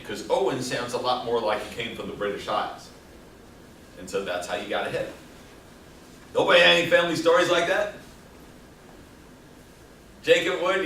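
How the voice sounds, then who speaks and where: A man's voice: mid-range voice, bright, forceful tone, distant mic, slight background noise. A man lecturing a class in a casual, joking way, throwing questions out to the students. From El Paso, Texas. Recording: echoey classroom taped from afar.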